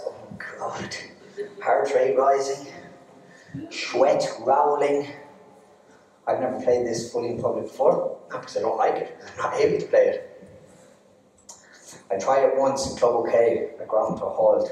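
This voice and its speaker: A man's voice: mid-range voice, a little mellow, a little hiss or hum. An Irish man performing spoken word poetry live on stage, reciting rhythmically and breaking off for chatty, jokey banter with the audience. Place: arts centre stage before an audience. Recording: echoey hall from far off, music.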